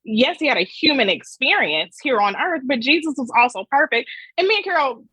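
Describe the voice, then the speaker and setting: A woman guest on a podcast, talking in an animated, emphatic and blunt way with casual swearing. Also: high-pitched, fairly quick, husky, no room sound, poor audio.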